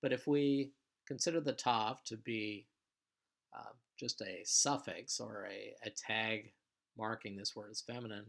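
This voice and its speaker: Calm, low-voiced man teaching vocabulary. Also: vocal fry. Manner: patient, explanatory, with frequent pauses and fillers. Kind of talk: recorded vocabulary lecture.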